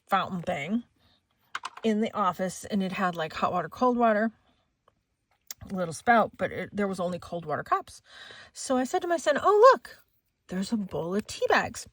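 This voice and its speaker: Woman, 40s, vlogger; lively pitch, casual storytelling, acts out quotes, laughs often. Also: unhurried, long pauses, dry recording. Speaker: crafting vlogger.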